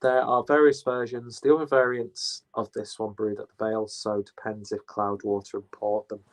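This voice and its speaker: A man's voice: on the low side, flat delivery, normal speed. Rambling, profane man. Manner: rambling, profane, self-correcting. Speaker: beer reviewer. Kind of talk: casual unboxing chat.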